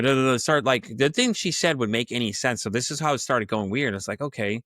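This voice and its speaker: Profane, animated man telling a story. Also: mid-range voice, fast, few pauses, dry recording. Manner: animated, profane, acts out the people in his story; laughs often. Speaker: podcast guest. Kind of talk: casual storytelling.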